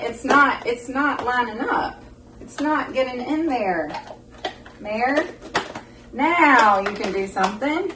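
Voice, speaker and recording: A woman's voice: a little high, animated, slow pace, heavy background noise. A woman hosting a home cooking vlog, chatting folksily to her viewers as she cooks. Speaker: cooking show host. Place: home kitchen. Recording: echoey kitchen, mic far off, loud kitchen clatter. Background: dishes and pans clattering.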